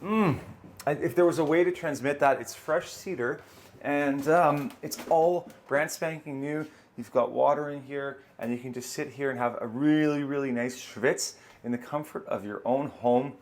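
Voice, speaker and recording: This house tour is led by a man with a mid-range voice at normal speed, strolling from room to room inside. As a real estate host, he's casual and enthusiastic, repeating words to stress them.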